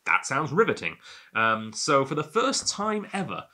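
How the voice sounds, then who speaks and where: A man's voice: mid-range voice, huge pitch swings, measured pace, bright, forceful tone. A man hosting a whisky tasting, chatting in a rambling, self-amused way as he sips and talks to the camera. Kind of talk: casual tasting monologue.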